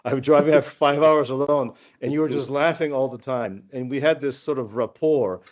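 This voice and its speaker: A man's voice: medium pitch, fairly quick. Man telling stories on a muffled call. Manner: rambling, warm anecdotes with many restarts. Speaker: former student sharing memories. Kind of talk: casual storytelling.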